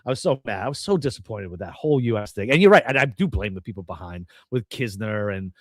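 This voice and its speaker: A man co-hosting a casual golf betting podcast, ranting with lively, profane emphasis. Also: fairly low pitch, fast, a little hiss or hum. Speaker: podcast co-host. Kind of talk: casual sports betting chat.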